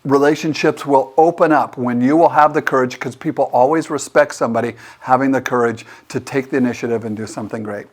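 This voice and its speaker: A middle-aged man giving a motivational lesson on networking, acting out both sides of the dialogue in an animated way. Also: medium pitch, fast, hardly any pauses. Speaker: leadership teacher and host. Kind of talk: motivational talk.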